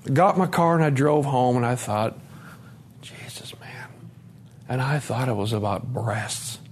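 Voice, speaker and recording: A man's voice: mid-range voice, steady tone, moderate pace, slight background noise. A man, sharing a raw, profane, confessional recovery story at a conference. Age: 40s. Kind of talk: emotional personal testimony. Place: conference room.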